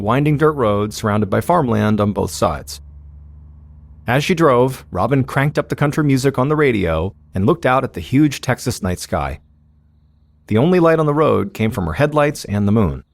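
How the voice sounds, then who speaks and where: A man narrating a true-crime story in a steady, suspenseful scripted style as podcast host. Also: medium pitch, vocal fry, no room sound.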